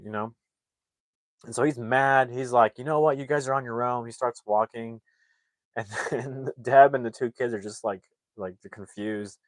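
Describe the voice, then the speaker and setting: In a dry recording, a young male reviewer with a medium-pitched voice casually recounts a film's plot. His retelling wanders and stays animated, and he performs the characters' quotes along the way.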